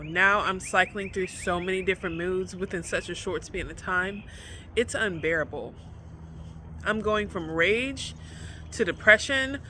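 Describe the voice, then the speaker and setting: A woman's voice: mid-range voice, pushed and bright, a little hiss or hum. Woman venting candidly on a vlog. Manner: emphatic, repetitive, profane venting. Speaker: vlogger.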